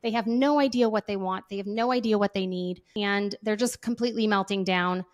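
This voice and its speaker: A woman gives parenting advice in a relaxed, conversational way. She slips into voices to act out children and parents. Her voice sits at an ordinary middle pitch. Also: a little fast. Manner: animated, acts out kids' and parents' voices. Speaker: parenting guest.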